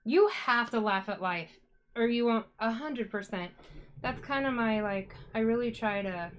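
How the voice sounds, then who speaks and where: A woman's voice: on the high side, lively intonation, unhurried, a little hiss or hum. A woman hosting a casual live stream as a yarn dyer, chatty and upbeat, talking to her viewers as she works.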